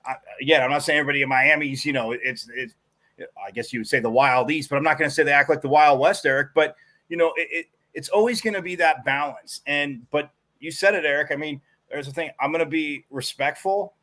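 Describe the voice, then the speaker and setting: A man co-hosts a live sports talk show, and his voice sits a little higher than most men's. He talks in a rambling, animated way, piling up restarts as he tells his stories. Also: fairly quick. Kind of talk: casual sports talk commentary.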